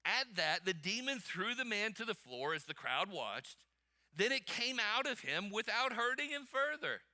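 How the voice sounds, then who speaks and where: A male pastor preaching a sermon emphatically, calling on the congregation to answer out loud. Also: sits high, big pitch swings, normal speed. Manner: emphatic, calls for congregation responses.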